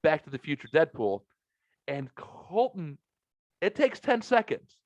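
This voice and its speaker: His voice is a little high and a little slow, captured in a dry, slightly muffled recording. He's a podcast host spinning casual stories from his home man cave, full of swearing, animation and laughter at his own anecdotes.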